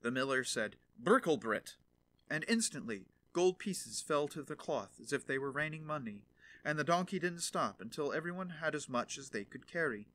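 A man narrating a fairy tale audiobook in an expressive storytelling manner. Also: fairly high pitch, moderate pace.

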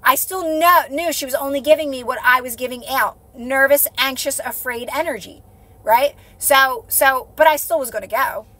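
An earnest woman coaches her viewers on a live phone stream. Her voice sits high and bright. The sound is close and dry, and she keeps checking in with listeners as she repeats her point. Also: moderate pace, no room sound. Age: adult with a child. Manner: earnest, repetitive, coaching with frequent "right?". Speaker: manifestation coach. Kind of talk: casual live-stream talk.

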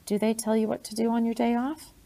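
A woman's voice: fairly high pitch, little pitch movement, fast, mellow, lightly acted. A woman doing an earnest young soldier. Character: young male British soldier, earnest and eager.

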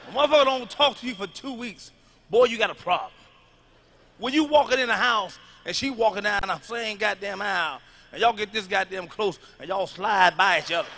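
Pitched high and faintly underscored by hiss or hum, this man's stand-up set is loud and forceful. He drives each punchline home repeatedly.

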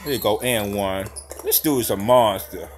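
A man doing casual, slangy live reaction commentary over basketball highlights, hollering and laughing at big plays. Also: normal speed, soft background music.

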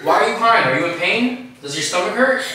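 Man, boyfriend, repeated pleading questions, animated pitch, distant echoey bathroom, noisy. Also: fairly quick. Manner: pleading, keeps asking the same questions. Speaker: boyfriend and co-host.

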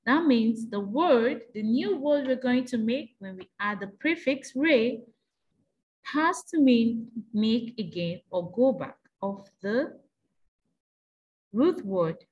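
A woman's voice: fairly high pitch, expressive, takes it slowly, darkish tone, highs cut off. A woman teacher taking young pupils through an exam revision lesson, asking patient prompting questions in a sing-song way.

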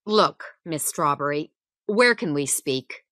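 Woman narrator as a gruff male police chief in a learner storybook; low, firm, slow. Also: lively intonation, bright, forceful tone, dry recording, studio quality, heavily acted. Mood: insistent.

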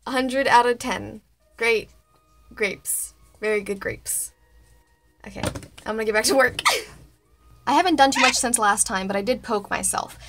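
A woman vlogging casually about a craft project, playful and excitable, joking to the camera. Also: a little high.

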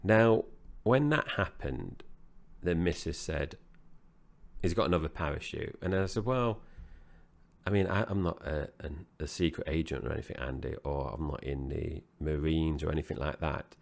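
Very deep-voiced man chatting. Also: normal speed, creaky. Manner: rambling, with frequent restarts. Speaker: co-host of a film review podcast. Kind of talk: casual chat.

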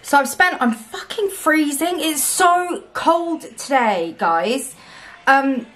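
A woman's voice: high-pitched, expressive, slow, a bit bright. A British woman vlogging casually to camera, blunt, self-mocking and swearing constantly. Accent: British English. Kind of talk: casual vlog chat to camera.

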